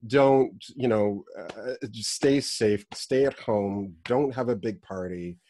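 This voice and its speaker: A man co-hosting a podcast, talking in a laid-back, earnest, halting way. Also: fairly low pitch, mellow, a little hiss or hum. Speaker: podcast co-host. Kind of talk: casual podcast banter.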